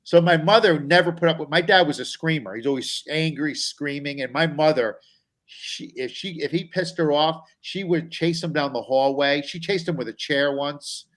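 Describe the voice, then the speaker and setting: A man's voice: on the high side, normal speed, a bit bright. A man, a comedian guest, telling stories about himself in a rambling, self-deprecating, anxious way. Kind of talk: casual comic storytelling.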